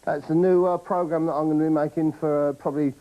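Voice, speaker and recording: A man's voice: a little high, little pitch movement, fast talker, dull audio, heavy background noise. Rambling, boastful comic man. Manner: rambling, boastful, chatty with frequent "right?". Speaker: comedy show host. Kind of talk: comic monologue to camera.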